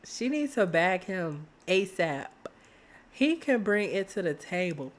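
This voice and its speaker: Slow-talking chatty woman streamer. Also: on the low side. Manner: chatty, excitable, talks to viewers as "y'all". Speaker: gaming streamer. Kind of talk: casual let's-play commentary.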